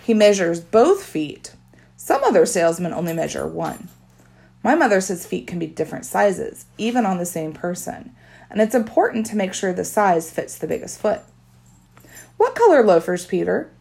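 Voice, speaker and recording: A woman's voice: fairly low pitch, sing-song, normal speed, creaky, darkish tone. A woman narrating a children's story in first person with a wry tone. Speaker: audiobook narrator.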